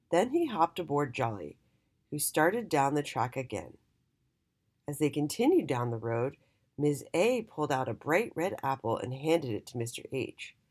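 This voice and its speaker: A woman reading a children's storybook aloud in an expressive, sing-song way. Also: sits low, breathy edge.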